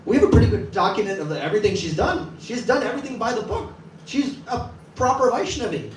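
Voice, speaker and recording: A man's voice: high voice, fast, a little hiss or hum. A man giving a casual sermon to a live audience, telling a story and acting out the quoted voices of its people. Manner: lively, acts out quoted voices. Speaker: temple class speaker. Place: temple hall with live audience. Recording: echoey room from a distance, faint ambience.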